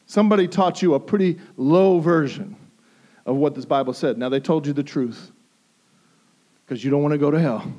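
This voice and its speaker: A male pastor preaching a sermon, emphatic and repeating phrases for stress, moving between hushed intensity and raised pleas. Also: fairly high pitch, moderate pace.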